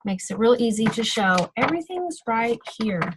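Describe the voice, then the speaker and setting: A woman's voice: a little high, very animated, normal speed, noisy background. A woman giving a casual, practical training talk on a video call, chatty and full of fillers and self-corrections. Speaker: sales team trainer.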